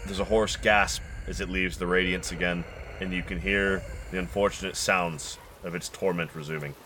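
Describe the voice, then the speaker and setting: Give me a low-voiced man game master, narrating slowly and deliberately. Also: fairly even intonation, noisy background. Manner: slow, deliberate, atmospheric narration.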